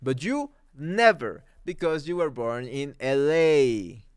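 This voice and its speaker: A man's voice: mid-range voice, lively intonation, takes it slowly, smooth. A man from Mexico whose first language is Spanish speaks English with a Mexican Spanish accent, ranting through a heated, sarcastic movie commentary. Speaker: commentary YouTuber.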